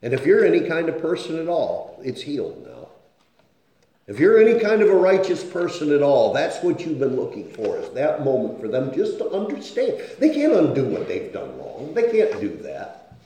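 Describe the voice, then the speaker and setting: A man's voice: fairly high pitch, wildly swooping pitch, normal speed, warm tone. A man preaching a sermon in an earnest tone, often stopping to ask his listeners "okay?". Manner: earnest, keeps asking "okay?" to check on listeners. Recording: very echoey room.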